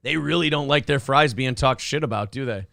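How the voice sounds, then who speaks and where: A man's voice: medium pitch, fairly quick, creaky, sharp tone, no room sound, studio quality. An American man hosting a morning show, ranting and joking sarcastically in casual banter. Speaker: radio show host.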